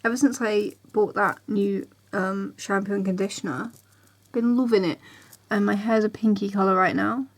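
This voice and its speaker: A young woman, chatting casually to camera in her bedroom, tired and rambling, sometimes dropping to a soft near-whisper. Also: medium pitch, fairly even intonation, normal speed. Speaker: vlogger.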